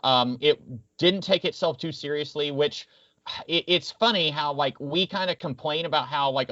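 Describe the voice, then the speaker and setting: A man co-hosts a casual podcast, rambling with wry asides. His voice sits a little high. The recording is dry and dull, lo-fi. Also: normal speed, sharp tone, no echo. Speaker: podcast co-host.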